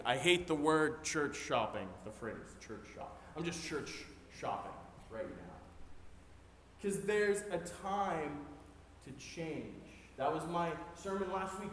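A man preaching a sermon as a pastor, earnest and growing excited as he goes through scripture. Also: fairly high pitch, a little hiss or hum. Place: church sanctuary. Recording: roomy hall reverb, faint ambience.

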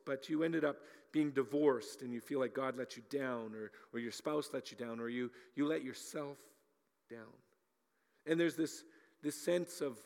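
A man preaching a sermon as a pastor, animated, often repeating words as he talks and acting out little scenes. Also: fairly high pitch, long reverb tail.

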